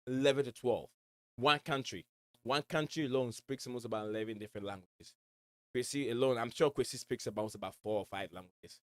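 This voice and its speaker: A man with a West African accent touched by American speech hosts a casual fan livestream from home. His voice is smooth and clear, sitting at an ordinary middle pitch. He drifts from one viewer comment to the next, repeating words and leaning on fillers. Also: brisk. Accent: West African blended with American. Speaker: livestream host. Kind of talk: casual fan chat reading viewer messages.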